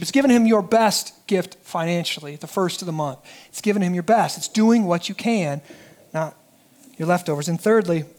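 A man preaching a sermon as pastor, animated and dropping his voice low and quiet for emphasis. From United States.

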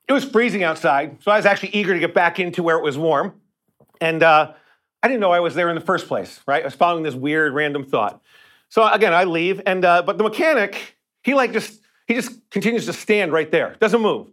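A male pastor telling a personal story in a sermon, talking conversationally, often repeating words, and going quiet for tender parts. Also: on the high side, a little fast. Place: church sanctuary.

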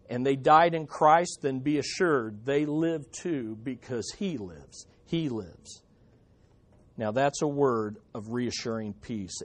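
A man preaching a sermon, stressing points by repeating them. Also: mid-range voice. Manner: emphatic, repeating key phrases. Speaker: pastor.

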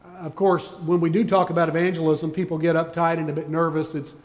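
A man's voice: on the high side, flat delivery, fast, long reverb tail. A man preaching a sermon as pastor, folksy and joking as he tells stories to his congregation. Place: church sanctuary.

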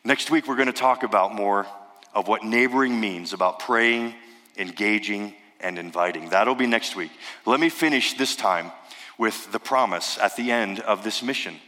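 A man's voice: fairly low pitch, normal speed, bright, forceful tone. A male pastor giving an earnest sermon in a church sanctuary, piling up emphatic lists and rhetorical questions. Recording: reverberant church hall.

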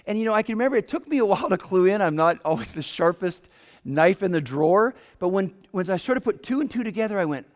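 Lively preaching man in a reverberant hall. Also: high-pitched, fast talker. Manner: storytelling, dropping to a hush for quoted lines. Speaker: pastor. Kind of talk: sermon.

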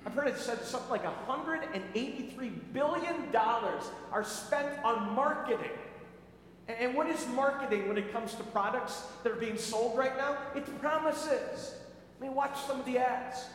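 A man's voice: very high voice, lively intonation, brisk, fairly bright tone. A man preaching a sermon, telling a story in a conversational way with frequent restarts, in a large hall. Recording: echoey hall, faint noise.

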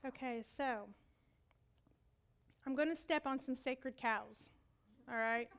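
Woman preacher, high bright voice, animated storytelling with loud bits and whispery asides. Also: takes it slowly, vocal fry, smooth. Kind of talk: sermon.

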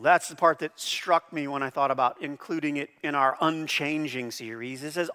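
A middle-aged man preaching a sermon as pastor, animated, with loud high bursts on the phrases he stresses. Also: a little fast, hardly any pauses, smooth. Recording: long hall reverb.

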